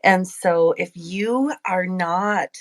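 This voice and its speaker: A woman's voice: fairly low pitch, extremely slow. A woman co-hosting a live audio chat room as a magazine editor, cheerful and enthusiastic.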